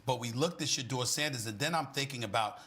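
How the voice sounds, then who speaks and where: A man talking on a sports debate show as a commentator, emphatic with a preacher-like cadence that swings into shouting. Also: medium pitch, fast.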